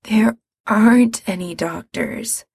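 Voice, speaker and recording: A woman reading aloud, voicing a sick young man who rasps hoarsely and pleads in weak, half-whispered lines. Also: fairly high pitch, lively intonation, slow pace, no echo, studio quality, voice pushed up, heavily acted. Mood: weary. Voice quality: raspy, hoarse. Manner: weak, often near-whispered pleas.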